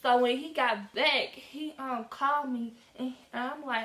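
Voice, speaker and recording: A teenage girl with a slightly high voice tells a casual, slangy storytime and acts out all the dialogue herself. The room around her is echoey and bright with reflections. She sounds animated throughout. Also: unhurried, few pauses. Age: teens. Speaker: vlogger.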